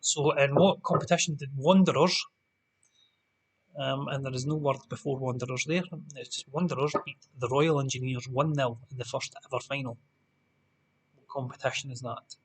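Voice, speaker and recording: A man hosting a live-streamed pub quiz in a chatty, self-deprecating way, repeating the rules slowly. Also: mid-range voice, fairly even intonation, husky. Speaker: quiz host.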